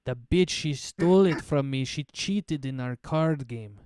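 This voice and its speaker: A man's voice: mid-range voice, measured pace, a little mellow, clear, resonant tone, dry recording, clean studio sound, lightly acted. A man voicing an indignant female bugbear wizard who pleads for help in a tabletop game. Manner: pleading, insistent.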